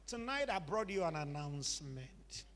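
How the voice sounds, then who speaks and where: A man's voice: on the high side, sing-song, moderate pace, a bit bright, in a large hall. A man preaching a sermon, emphatic and repetitive, calling on the congregation to repeat after him.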